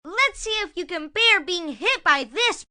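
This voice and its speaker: A woman's voice: very high-pitched, lively intonation, a little slow, pushed and bright, exaggerated voice. Woman doing a sly big bad wolf. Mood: blustery. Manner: sly, wheedling, fake-sweet granny act. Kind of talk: puppet show acting.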